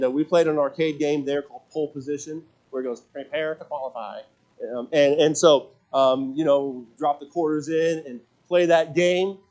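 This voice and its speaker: Preacher, man in his forties, pitched high; self-mocking storyteller who gets earnest. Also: a little mellow. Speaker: pastor. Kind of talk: sermon.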